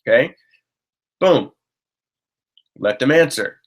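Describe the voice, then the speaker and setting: A man's voice: mid-range voice, normal speed. Guy running a sales training, pushy and upbeat, keeps saying okay, restarts his sentences. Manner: coaching, keeps checking in with "okay?"; upbeat and urging. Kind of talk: team training talk.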